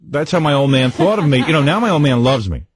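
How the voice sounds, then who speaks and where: A middle-aged man hosting a radio show in casual banter, animated and mocking, acting out his parents yelling. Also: on the high side, fast talker, breathy edge, no room sound. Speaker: radio host.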